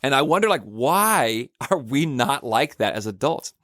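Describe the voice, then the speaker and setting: A man's voice: mid-range voice, very animated, measured pace, a bit bright, no echo, studio quality. A man hosting a church podcast, talking in a casual, earnest way and telling stories with frequent restarts. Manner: rambling, earnest, storytelling with restarts. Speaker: podcast host, church minister. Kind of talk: casual reflective podcast monologue.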